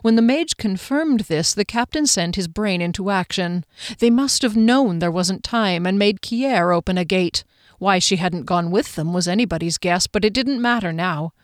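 A woman narrating a fantasy audiobook in a measured storytelling manner. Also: mid-range voice, animated, dry recording. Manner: measured storytelling, voices each character. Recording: dry close studio sound.

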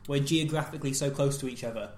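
A man co-hosting a comedy podcast, bantering with deadpan, playful jokes. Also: medium pitch, quick pace. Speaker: podcast co-host. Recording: echoey room.

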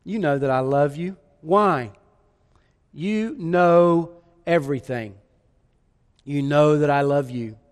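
A preacher acting out a worn-out grown man, a disciple who pleads from the heart. The voice sits high, and a long hall reverb trails behind each word. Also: slow pace, pauses often, smooth. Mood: weary, pleading. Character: weary adult male disciple pleading in earnest.

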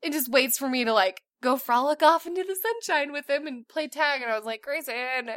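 A woman in her thirties co-hosting a podcast in casual chat, telling animated stories and laughing often. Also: high voice, brisk, dry recording, clean studio sound. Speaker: podcast co-host.

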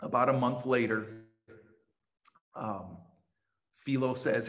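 A man's voice: medium pitch, measured pace, long pauses. A man, a pastor and missionary, telling a testimony in a sermon and acting out the dialogue with energy. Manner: animated, acts out quoted dialogue.

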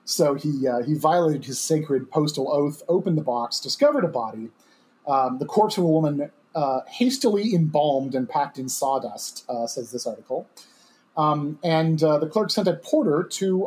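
A young man tells a podcast story in loose, rambling fashion, trailing through fillers and chuckling asides. His voice sits a little higher than most men's. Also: darkish tone. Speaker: podcast co-host. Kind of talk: casual storytelling chat.

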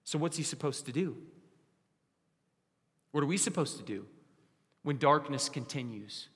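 A young man preaching a sermon as pastor, asking the congregation rhetorical questions and dropping his voice low and quiet for emphasis. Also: lively intonation, measured pace. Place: church sanctuary. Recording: long hall reverb.

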